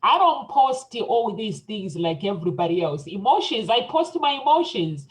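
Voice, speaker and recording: Female talk show host, chatty and lively, middle pitch. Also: moderate pace, poor audio. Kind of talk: panel talk show chat.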